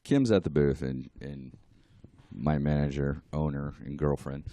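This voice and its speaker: A man's voice: a bass voice, measured pace, no room sound. A man, a guest artist, telling a story in casual podcast chat, laughing and acting out what others said. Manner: animated, laughing, acts out quotes.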